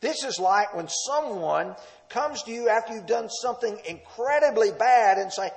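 Guy preaching a sermon, pretty high voice, swings up and down a lot, gets pushy and emphatic. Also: animated, moderate pace, creaky. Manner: emphatic and confrontational at times; leads the listeners through texts verse by verse.

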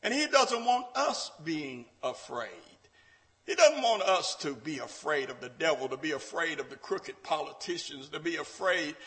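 A man preaching a Bible class sermon, dramatic, acting out quotes and swinging from shouts down to low, quiet lines. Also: low-quality recording.

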